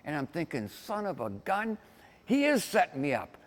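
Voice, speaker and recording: A man giving a keynote talk, telling a story in a folksy, animated way and acting out the voices of the people in it. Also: fairly high pitch, normal speed. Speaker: keynote speaker. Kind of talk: storytelling speech. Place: event hall. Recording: long reverb of a large hall.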